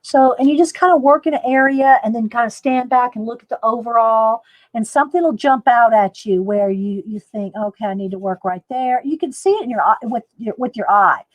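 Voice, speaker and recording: A woman's voice: a little high, a little fast, no room sound, rough recording. A woman chatting casually to viewers while painting in a live art demo. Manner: chatty, laughs often, talks to viewers.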